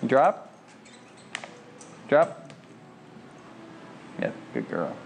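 A man working as a dog trainer, coaching an owner at home with lively praise for the dog. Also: medium pitch, drawn-out words, gravelly, background noise. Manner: lively, sing-song praise for a dog between plain explanations. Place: home kitchen.

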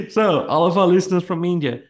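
A man co-hosting a podcast, chatting casually and rambling with lots of fillers and frequent laughter. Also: high-pitched. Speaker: podcast co-host.

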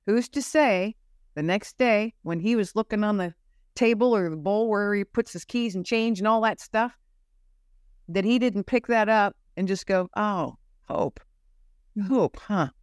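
A woman with a clear, resonant, medium-pitched voice speaks at normal speed, telling earnest stories about her faith as a guest. She often repeats herself while searching for the right words, recorded at studio quality with no room sound.

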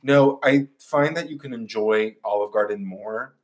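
A man's voice: fairly low pitch, measured pace. A man co-hosting a podcast in a playful, jokey way, laughing often. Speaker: podcast co-host. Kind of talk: casual podcast chat.

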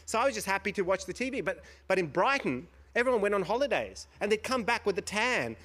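A middle-aged man from India, a panel guest on stage, telling his story in an animated way, acting out voices and laughing often. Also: high-pitched, fast talker. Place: stage before a live audience.

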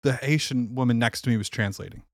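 Fast-talking with a medium pitch and vocal fry, a man co-hosts a podcast in a studio-quality recording with no room sound. He tells stories in casual chat and laughs frequently.

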